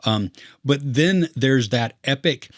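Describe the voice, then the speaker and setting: A man's voice: mid-range voice, animated, slow, no room sound, clean studio sound. Earnest rambling man on a movie podcast. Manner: earnest, rambling, many fillers. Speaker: podcast co-host. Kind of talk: casual movie review chat.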